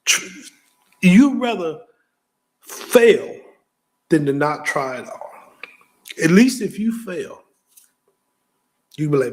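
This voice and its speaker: Hosting a motivational talk, a man speaks directly to the listener in a casual, plain-spoken way. His voice sits a little high and he takes it slowly, pausing often, but he's energetic, stumbling, stammering and repeating words as excitement builds.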